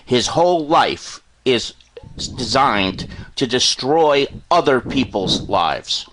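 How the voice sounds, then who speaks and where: A man co-hosts casual radio talk in a steady, matter-of-fact way and speaks bluntly. His pitch sits in an ordinary middle range. Faint noise hums behind him. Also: takes it slowly, low-quality recording. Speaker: radio co-host.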